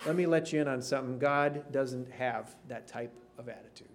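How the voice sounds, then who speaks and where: A man preaching a sermon in an earnest way, sinking to a hush on key phrases. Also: mid-range voice, moderate pace, a little hiss or hum. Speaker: pastor.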